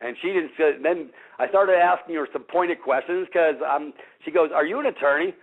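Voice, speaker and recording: A man's voice: on the high side, moderate pace, creaky. A man hosting a radio show, talking bluntly and combatively to his listeners and calling them folks. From Missouri. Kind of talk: casual talk radio monologue. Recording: tinny phone-line radio audio.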